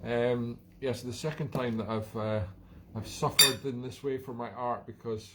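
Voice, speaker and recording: A Scottish man runs his own live stream with casual, rambling, self-deprecating chat, often chuckling at himself. His mid-range voice is steady in tone at normal speed, over a noisy background.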